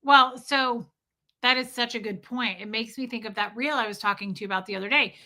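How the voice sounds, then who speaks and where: Bright-voiced chatty woman podcaster. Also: on the high side, fairly quick. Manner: animated storyteller, many "like" fillers. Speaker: podcast co-host. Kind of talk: casual chat.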